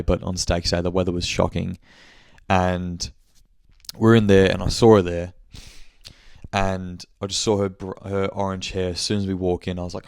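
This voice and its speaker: Young aussie bloke rambling thru a story on his podcast, low flat gravelly voice, swears a lot. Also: dry recording, clean studio sound. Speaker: podcast host. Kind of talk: casual monthly check-in chat.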